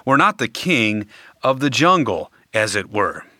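A man preaching a sermon, speaking deliberately and emphatically with dramatic pauses. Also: fairly low pitch, big pitch swings, sharp tone, dry recording, studio quality.

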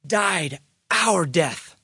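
A male pastor reading scripture and preaching in a slow, measured cadence. His voice sits a little high for a man and sounds close and dry. He swings from hushed, quiet phrases to emphatic, raised lines. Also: lively intonation, vocal fry, husky, no echo. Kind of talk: gospel reading and sermon.

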